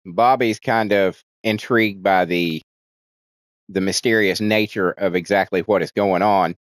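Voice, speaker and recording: Low-pitched and unhurried, this reviewer's voice is clear and resonant, with no room sound. He casually walks through a film's plot in a profane, rambling way, often restarting sentences and giving quoted lines animated character voices.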